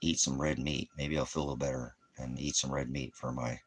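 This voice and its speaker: A man's voice: extremely low pitch, little pitch movement, brisk. A man in his fifties from the United States, talking at home in a loose, swearing, rambling monologue. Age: 50s. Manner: profane, ranting, loose and rambling. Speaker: channel host.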